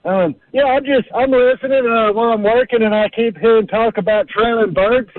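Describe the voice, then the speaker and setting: A man's voice: very high-pitched, normal speed, no echo. A man calling in to a sports radio show, speaking in an earnest, easygoing way. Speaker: caller. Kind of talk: phone-in call to radio show. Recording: tinny phone line.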